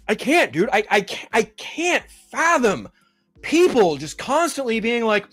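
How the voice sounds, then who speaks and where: A man's voice: sits high, big pitch swings, moderate pace, soft background music. A man hosting a pop-culture show, ranting in a profane, exasperated and mocking way. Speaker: podcast host.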